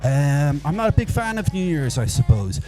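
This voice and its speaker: A man's voice: a little high, sing-song, moderate pace, mellow. A man from Ireland with an Irish accent, doing a rambling, self-mocking stand-up set into a handheld microphone at a live venue. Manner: rambling, self-mocking, puts on silly voices for quoted people. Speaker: stand-up comedian. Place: live comedy venue with audience.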